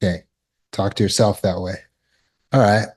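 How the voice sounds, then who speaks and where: A man's voice: on the low side, steady tone, normal speed, darkish tone, breathy edge. A man giving a motivational talk as a self-help teacher, emphatic and repetitive, explaining with everyday examples.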